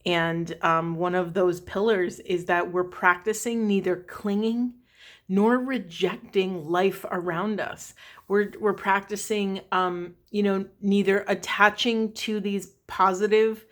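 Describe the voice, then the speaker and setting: A woman's voice: mid-range voice, fairly even intonation, takes it slowly. A woman spiritual coach talking casually to her viewers, earnest and rambling, often checking in with asides. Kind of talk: casual spiritual talk to camera.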